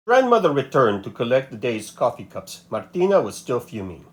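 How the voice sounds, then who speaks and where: A man narrating a children's storybook aloud with a playful, expressive delivery. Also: medium pitch, brisk, hardly any pauses.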